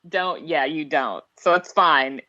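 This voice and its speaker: A woman's voice: low-pitched, slow pace, sharp tone, lo-fi sound. A woman co-hosting a casual podcast chat, steering the conversation in a matter-of-fact way. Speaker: podcast co-host.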